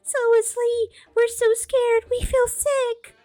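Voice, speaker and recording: A woman's voice: very high voice, flat delivery, takes it slowly, dark tone, faint music behind, pitched above the performer's own voice. A woman voicing a scared young girl who pleads shrilly and trembles, in a storybook reading. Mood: frightened.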